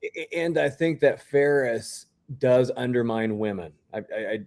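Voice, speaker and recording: A man's voice: mid-range voice, moderate pace, a little mellow. A man co-hosting a casual recap chat, thinking aloud and teasing the others. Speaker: podcast co-host.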